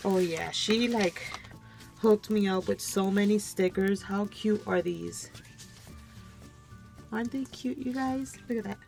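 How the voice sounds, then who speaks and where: A woman hosting a crafting channel, casually showing off a gift package, gushing over every item and talking straight to viewers. She sounds a bit low on energy as she comes down with a cold, recording at her craft desk at home. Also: unhurried, vocal fry, long pauses, a little mellow, faint music behind. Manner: gushing, keeps addressing viewers as "you guys". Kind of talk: casual show-and-tell unboxing.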